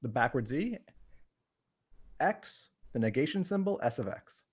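A man hosting a podcast, explaining logic in a casual, halting way with frequent restarts and a playful tone. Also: mid-range voice, sing-song, a little mellow, husky. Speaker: podcast host teaching logic. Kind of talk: casual teaching on a live stream.

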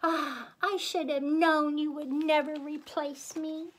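A woman's voice: high voice, little pitch movement, slow, a little hiss or hum. A woman voicing a vain, dramatic female pig star with a haughty, theatrical manner. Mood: sweet. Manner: theatrical, haughty, shrieking when angry.

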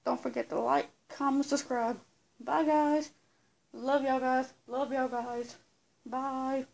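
A woman talking straight to her viewers in a loose, rambling vlog style, often repeating her words. Her voice sits a little high but is dark and mellow in tone. There is a gravelly fry running through it. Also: level tone, slow pace. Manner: chatty, rambling, repeats herself. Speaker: vlogger. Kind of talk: casual vlog chat to viewers.

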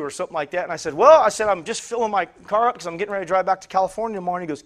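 A man's voice: sits high, very fast, hardly any pauses, fairly bright tone. A man preaching a sermon, telling a story in a rambling way, repeating words and acting out the voices of people he quotes. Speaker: pastor.

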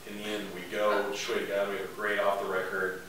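A man telling a funny story to a live audience, animated and laughing through his lines. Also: on the low side, a little fast, slight background noise. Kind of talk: humorous anecdote. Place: large hall with a live audience. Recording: echoey room from far off with audience.

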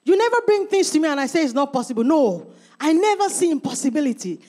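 Lively high-pitched woman pastor preaching. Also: fast talker. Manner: emphatic, calls out to the congregation by name. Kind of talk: sermon.

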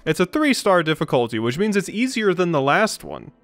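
A man's voice: high-pitched, very animated, a little fast, fairly bright tone, soft background music. A man hosting a let's play, thinking aloud through a puzzle and poking fun at himself. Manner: self-deprecating, thinks aloud. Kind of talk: gaming commentary.

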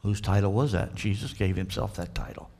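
A Southern-accented man preaching to his church with a fairly low voice. He tells the story with plenty of drama, slipping into the voices of the characters. It is a sermon delivered by a pastor. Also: fairly quick. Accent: Southern American. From Florida. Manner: animated storytelling preacher, acts out the characters' dialogue.

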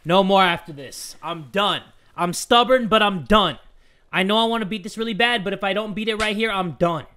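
A young man giving excitable let's play commentary, swinging between whispers and shouts at the game. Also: sits high, normal speed. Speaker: gaming YouTuber.

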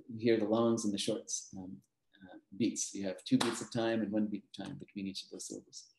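A man's voice: medium pitch, mellow. A man giving a master class lecture, explaining patiently with frequent fillers and little laughs. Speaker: mathematician teaching a master class. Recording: roomy echo.

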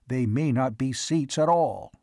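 A man reading as a level-headed male scientist who chooses his words carefully in a storybook reading. The voice is mid-pitched and sits close and dry. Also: unhurried, darkish tone, no echo, natural voice. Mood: cautious.

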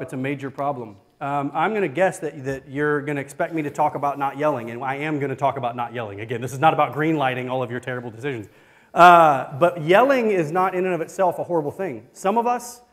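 A man, a family life minister, giving a conversational church workshop talk in a church hall, earnest and prone to restarts. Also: fairly high pitch.

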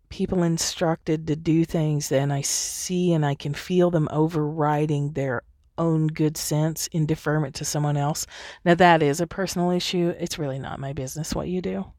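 A woman's voice: low-pitched, a little mellow, dry recording, clean studio sound. A woman hosting a podcast, talking alone in a frank, chatty way and laughing easily. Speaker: podcast host. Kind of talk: candid solo podcast monologue.

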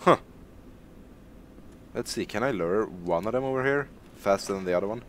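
A man's voice: fairly low pitch, moderate pace, a bit bright, a little hiss or hum. A young man streaming a game, rambling through live commentary with lots of laughter and swearing. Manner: rambling, self-mocking, laughs and swears a lot. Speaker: gaming streamer.

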